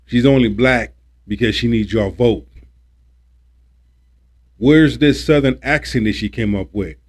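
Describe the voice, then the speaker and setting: A livestream host with a mid-range voice speaks unhurriedly while lecturing on politics. He's preachy and repetitive, stressing his points and cursing when worked up.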